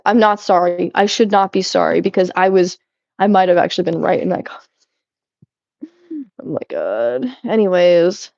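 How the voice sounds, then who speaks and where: A young woman rambles cheerfully as she sorts through things at home for a casual vlog, often stopping herself short and laughing. Her medium-pitched voice has lively intonation, vocal fry and a darkish tone at a moderate pace, recorded with dull audio and no echo.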